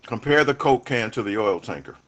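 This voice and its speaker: Man, brash, profane, boastful, animated pitch, voice chat. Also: a little fast, dull audio. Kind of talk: casual profane debate chat.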